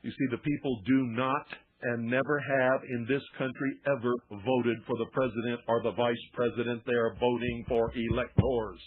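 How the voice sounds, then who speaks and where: Indignant husky male radio host. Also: mid-range voice, fairly even intonation, moderate pace, few pauses. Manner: indignant, emphatic ranting. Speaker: radio talk show host. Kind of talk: talk radio monologue. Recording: phone-band lo-fi radio broadcast.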